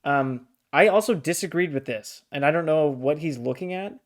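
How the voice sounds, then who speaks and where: A man's voice: on the high side, moderate pace. A man co-hosting a casual book discussion podcast, blunt and exasperated, swearing freely as he pushes back. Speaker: podcast co-host.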